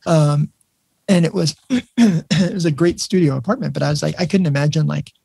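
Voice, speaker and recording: A man's voice: fairly high pitch, normal speed, creaky, darkish tone, husky, no echo. A man hosting a podcast, telling stories in a casual, rambling way with many restarts. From New Mexico. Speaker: podcast host, emergency nurse. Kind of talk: casual storytelling chat.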